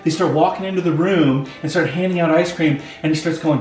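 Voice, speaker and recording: A man telling a funny story from work in an animated way, full of "like" fillers. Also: on the high side, a little fast, few pauses, soft background music. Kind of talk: casual storytelling. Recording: echoey room, away from the mic.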